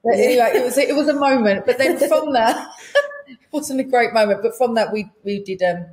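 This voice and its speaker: A British woman, a guest singer, telling a lively anecdote on a podcast and acting out the people in it. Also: a little high, normal speed. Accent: British English. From Britain. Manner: lively anecdote-telling, acts out quoted voices. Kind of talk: casual podcast storytelling.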